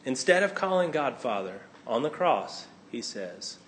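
A male pastor preaching a sermon, swinging between loud exclamations and hushed asides. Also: mid-range voice, sing-song, measured pace, a little hiss or hum.

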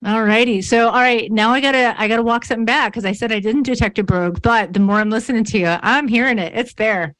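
A woman's voice: fairly high pitch, quick pace, hardly any pauses, fairly bright tone. Chatty, bubbly woman host. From New York State, USA. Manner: bubbly, chatty, self-mocking. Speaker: podcast host. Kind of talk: casual interview chat.

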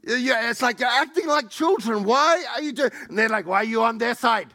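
Middle-aged male pastor, animated storyteller, high and gravelly. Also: normal speed. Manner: animated, acts out quoted people with raised pitch. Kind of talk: sermon storytelling.

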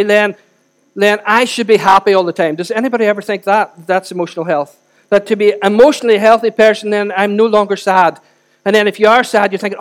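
A middle-aged pastor delivers a sermon in a high-sitting voice. He is earnest and emphatic, swinging between loud and soft passages.

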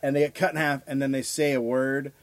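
A man guesting on a podcast, cracking deadpan jokes with hesitant restarts. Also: mid-range voice, a little fast, no room sound. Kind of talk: casual chat.

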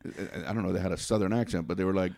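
Telling a humorous anecdote, this man speaks in a low, steady, gravelly voice with a darkish tone, captured in a dry recording. He halts, repeats words, and laughs through the telling.

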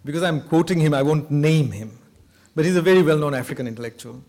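A man from Bengal, giving an academic lecture with a reflective manner and occasional soft laughs. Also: on the high side, fast talker. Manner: thoughtful, laughs between points.

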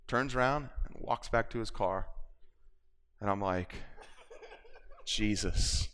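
A man preaching a sermon, telling a personal story in an animated way and acting out the voices of the people in it, with nervous stammers. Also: mid-range voice, measured pace, clear, resonant tone.

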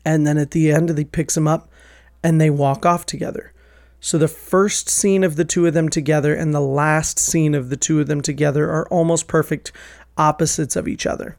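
Excited guy rambling about a movie he loves, kinda high voice, dry close sound. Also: normal speed, vocal fry, dry recording. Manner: enthusiastic, acts out quoted lines in raised voices. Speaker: film reviewer. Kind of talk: casual film discussion.

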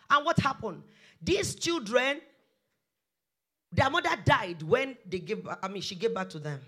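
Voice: mid-range voice, expressive, measured pace, pauses often, pushed and bright, husky, soft background music. A preacher delivering a sermon, emphatic and repeating exhortations over and over.

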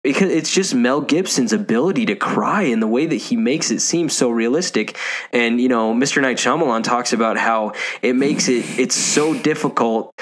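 A man co-hosting a podcast who steers the conversation and retells a film scene in an animated way, correcting himself as he goes. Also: mid-range voice. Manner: animated storytelling, self-correcting recaps. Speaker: podcast co-host. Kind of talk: casual movie discussion chat.

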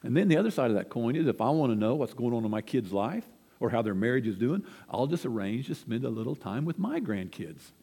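A man's voice: mid-range voice, sing-song, a little fast, vocal fry, few pauses, dark tone, husky, in a large hall. An older man preaching a sermon, telling folksy, self-deprecating family stories from the pulpit in a church. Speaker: pastor. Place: church sanctuary.

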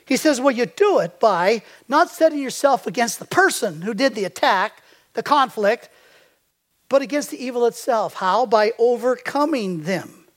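A man's voice: very high-pitched, expressive, normal speed. An older man preaching a sermon as a pastor. He tells stories and quizzes the congregation with fill-in-the-blank questions.

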